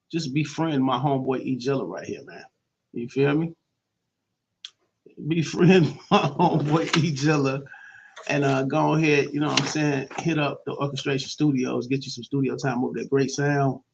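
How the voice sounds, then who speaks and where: A man from Chicago hosting a morning radio show, talking in loose, slangy banter full of shout-outs. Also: medium pitch, fairly even intonation, moderate pace, gravelly, lo-fi sound, a little hiss or hum. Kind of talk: casual morning radio talk.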